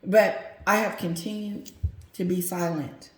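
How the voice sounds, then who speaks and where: A woman voicing an older male king who is aggrieved and firm, scolding in a stern, measured way. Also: fairly low pitch, fairly even intonation, natural voice. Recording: roomy echo.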